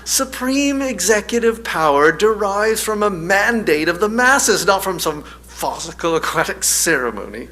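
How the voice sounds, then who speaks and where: Indignant peasant agitator, high and sharp, as a preacher puts him on. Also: male voice, big pitch swings, heavily acted. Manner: indignant, rapid rant. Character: excitable male peasant agitator ranting about politics.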